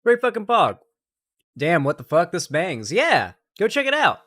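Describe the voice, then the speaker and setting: A man's voice: high-pitched, huge pitch swings, normal speed, bright, forceful tone. A young man live streaming late at night, bantering with chat in a profane, sarcastic, joking way from a room at home.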